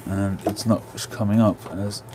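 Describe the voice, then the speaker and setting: A man's voice: lowish voice, level tone, unhurried, noisy background. A man hosting a casual live stream from home on a phone, chatting and answering viewers' comments.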